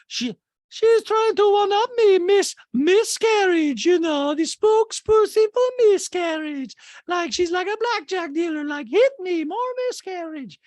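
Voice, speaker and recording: A man impersonating an emotional, theatrical woman in a slow, high, wailing falsetto. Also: expressive, a little mellow, dry recording, clean studio sound. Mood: indignant. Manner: drawn-out, wailing, exaggerated.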